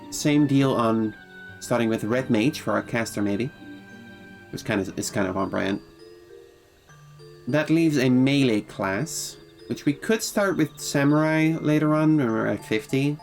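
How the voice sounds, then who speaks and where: A man's voice: mid-range voice, a little slow, vocal fry, soft background music. A man streaming a game, chatting casually with viewers and reading game dialogue aloud. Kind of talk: casual game livestream chat.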